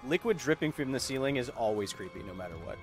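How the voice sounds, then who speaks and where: Excitable man streaming a horror game. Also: mid-range voice. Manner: excitable, quick bursts and stammered restarts. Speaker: gaming streamer. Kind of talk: casual gameplay commentary. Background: stream music and game sounds.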